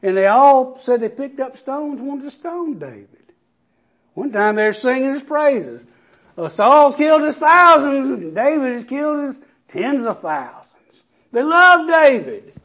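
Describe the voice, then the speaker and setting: High-voiced preacher delivering a sermon. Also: male voice, very animated, measured pace, a bit bright. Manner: impassioned preaching, rising and falling emphasis.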